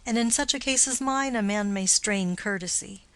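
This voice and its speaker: A woman's voice: mid-range voice, normal speed, close to an everyday voice. A woman reading Romeo, a young lovestruck nobleman.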